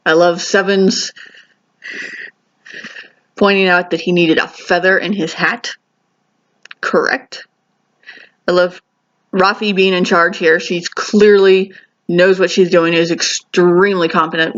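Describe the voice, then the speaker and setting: A woman's voice: lowish voice, fairly bright tone. A woman talks through a TV episode review in a chatty, enthusiastic way, often restarting her sentences and going off on asides. The recording sounds a little dull and lo-fi. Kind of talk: casual spoken review.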